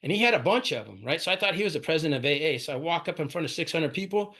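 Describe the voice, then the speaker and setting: A man's voice: fairly high pitch, expressive, racing, a bit bright. A man in his forties tells his recovery story at a meeting, casual and full of "right?" and "man". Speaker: AA speaker sharing his story. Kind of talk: personal recovery talk.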